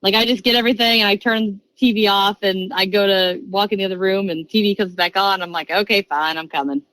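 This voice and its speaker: A lively woman in her thirties, telling a story as a podcast guest at a middle pitch. She rattles along in quick chatty bursts and acts out every quoted voice. The sound is close and dry, with no room around it. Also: no echo, poor audio. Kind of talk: casual storytelling.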